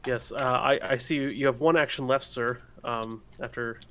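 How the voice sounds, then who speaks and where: A man's voice: mid-range voice, steady tone, moderate pace, a bit bright, slight background noise, lightly acted. Man doing servile butler type, stiffly formal, sir-heavy. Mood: fawning. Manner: formal, obsequious, repeats "sir". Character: overly polite fawning male butler.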